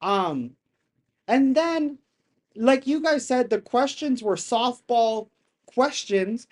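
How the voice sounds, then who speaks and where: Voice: mid-range voice, slow pace. Exasperated, slangy live streamer. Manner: animated and exasperated, slangy, swears often; rambling, restarts sentences. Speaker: streamer reacting to a hearing. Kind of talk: casual live-stream commentary.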